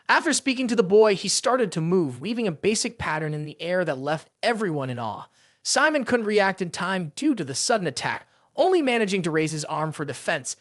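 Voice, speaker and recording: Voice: mid-range voice, no echo, studio quality. A narrator telling a fantasy story recap in scripted, dramatic storytelling.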